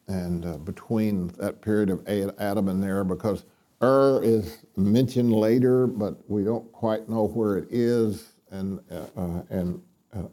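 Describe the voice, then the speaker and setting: A man's voice: lowish voice, dark tone. A man teaching the Bible to a room of listeners, reading scripture aloud and explaining it plainly, with frequent ums and restarts.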